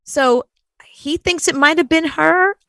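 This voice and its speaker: A woman's voice: high voice, slow pace, dry recording. A woman co-hosting a show, telling a story in casual chat and acting out the people she quotes. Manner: animated, acts out quoted voices. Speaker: co-host.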